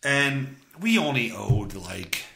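Taking it slowly, a gravelly-voiced male podcast host with a medium pitch and big pitch swings rants comically about an exasperating phone call, voicing both sides. He swings from loud outbursts to muttered asides, and there's a little hiss or hum.

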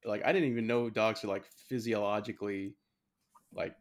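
Chill guy joking around on a podcast, kinda low voice, swears a bit. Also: fairly even intonation, moderate pace. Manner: laid-back, joking, swears casually. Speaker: podcast co-host. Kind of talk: casual movie review chat.

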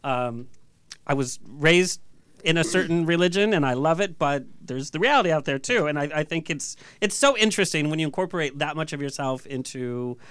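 A man's voice: a little high, expressive, brisk, fairly bright tone, smooth, dry recording. A man hosting a radio talk show, joking and teasing his guests. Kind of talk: casual talk-show interview. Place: radio studio.

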